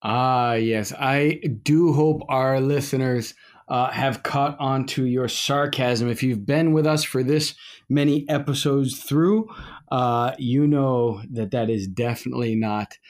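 A man's voice: medium pitch, fairly even intonation, slow. A middle-aged man, a priest co-hosting a podcast, talking in a casual, rambling way with many fillers and restarts. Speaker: podcast co-host, Orthodox priest. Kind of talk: casual conversational podcast talk.

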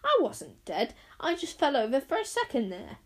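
A woman's voice: high voice, wildly swooping pitch, normal speed, pitched above the performer's own voice. A woman voicing a stubborn young girl in a storybook, speaking in a dismissive, flustered way.

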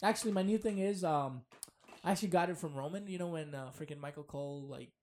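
A man chatting casually as a podcast guest, telling animated stories, swearing freely and acting out what people said. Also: a little high, fast talker, slight background noise. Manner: animated storyteller, swears freely, acts out quotes. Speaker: guest wrestler.

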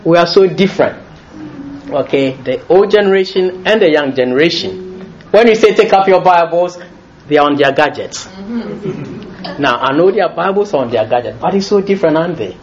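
Lively, laughing male preacher. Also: on the high side, normal speed, lo-fi sound. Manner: lively, jokey, often laughing as he talks. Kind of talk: sermon.

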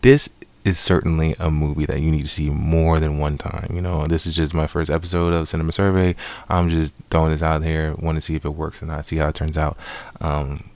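A man's voice: extremely low pitch, level tone, brisk, darkish tone, dry recording. A man giving a casual, rambling spoken movie review with many fillers and restarts. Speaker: film reviewer.

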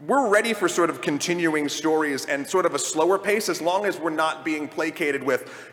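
A man's voice: on the high side, moderate pace, few pauses, fairly bright tone. A man on a live convention panel, eager and rambling, often restarting his sentences as he makes his point. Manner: enthusiastic, rambling with many restarts. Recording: hall reverb from a live stage.

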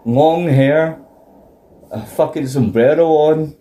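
Sweary laughing Scottish man, mellow tone. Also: a little high, takes it slowly, reverberant. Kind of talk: casual chat, telling an anecdote.

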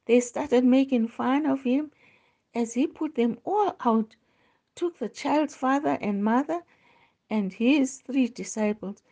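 A woman hosting a devotional, slowly reading Bible passages aloud with small stumbles. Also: sits high, dark tone. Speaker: devotional host. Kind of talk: slow scripture reading.

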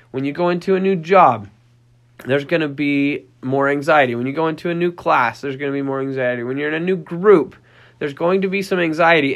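Chatty man explaining with playful asides. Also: fairly high pitch. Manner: conversational, many restarts, acts out puppy and child voices. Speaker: podcast host, dog trainer. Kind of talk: casual explanatory podcast talk.

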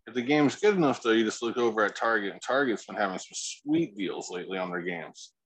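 A man's voice: lowish voice, lively intonation, fairly quick, fairly bright tone, rough recording. A man co-hosting a casual podcast, laid-back and rambling, swearing freely. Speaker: podcast co-host.

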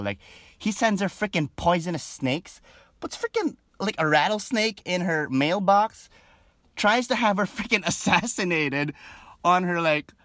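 A man talks straight to camera in a chatty, animated vlog rant, his pitch leaping up and down all the time. The sound is dry and close with no room echo, and his talk is loose, full of fillers and quick asides. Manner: breaks into laughter often. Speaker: show reviewer. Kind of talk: casual opinion vlog.

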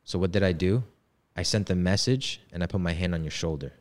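A man's voice: deep voice, a little fast. A man in his twenties telling a personal story in casual, slangy talk. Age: 20s. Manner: laid-back slangy talk. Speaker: podcast guest.

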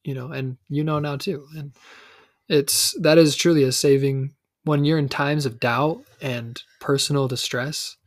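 A woman's voice: very deep voice, steady tone, measured pace, no room sound, clean studio sound. A woman hosting a faith podcast, teasing and encouraging her younger sister as guest. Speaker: podcast host. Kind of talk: casual faith podcast chat.

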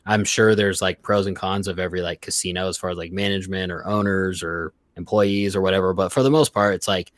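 A young man with a deep, low voice chats on a podcast, full of swearing and quick asides. He acts out what coworkers said as he tells the story. The sound is dry and close to the mic. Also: steady tone, no room sound. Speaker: podcast guest. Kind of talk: casual podcast chat.

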